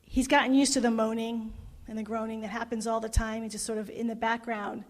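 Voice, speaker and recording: Woman minister, middle-aged, higher voice, emotive sermon, echoing hall. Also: flat delivery, brisk. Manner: emotive, retelling a story with quoted voices. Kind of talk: sermon with storytelling. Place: parish hall. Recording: long hall reverb.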